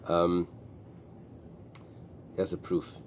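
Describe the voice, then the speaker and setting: A man teaching a Talmud class, pausing and restarting often as he explains the text. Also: deep voice, monotone, slight background noise. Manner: explains in halting restarts with many fillers. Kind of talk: early-morning Talmud class. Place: synagogue study room with a small group.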